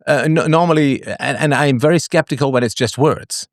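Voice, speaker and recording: A man's voice: fairly high pitch, a little fast, dry recording, studio quality. A man hosting a live call-in philosophy show, talking in a reflective, digressive and wry way.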